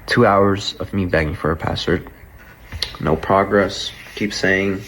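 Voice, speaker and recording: Recounting a breakup, this man tells a personal story casually and profanely, animatedly acting out the dialogue said to him. His voice is low and his pace measured, and the low-quality recording carries a slight hiss or hum.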